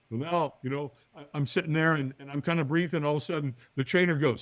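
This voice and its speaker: Animated male storyteller, lively pitch. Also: fast talker, no echo. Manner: acts out quoted voices, often with a higher pitch; lively, talks to the listener with "right?". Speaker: podcast guest.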